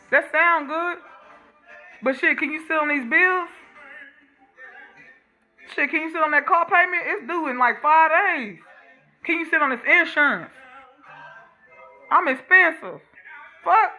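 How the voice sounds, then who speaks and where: A woman's voice: sits high, normal speed, long pauses, pushed and bright, faint music behind. A woman vlogger talking straight to camera in a blunt, profane, fired-up rant. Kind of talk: casual monologue to camera.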